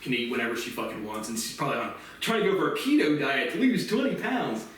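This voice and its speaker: A man's voice: medium pitch, big pitch swings, fast, recorded from a distance. Furious profane man ranting in echoey room. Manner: furious, profane, bursts into shouting. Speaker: vlogger. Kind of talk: angry vlog rant.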